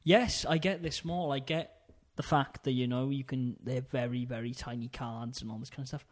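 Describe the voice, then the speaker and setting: A man's voice: mid-range voice, steady tone, moderate pace. Chatty, rambling podcast co-host man. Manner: chatty, rambling, with frequent ums and laughs. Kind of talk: casual chat.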